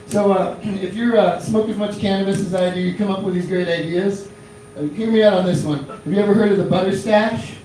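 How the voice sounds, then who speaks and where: A man's voice: sits high, fairly even intonation, fairly quick, few pauses, mellow, slight background noise. A man in his thirties from Florida doing a rambling stand-up comedy set in a small club, full of fillers and restarts. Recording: echoey club from a distant mic.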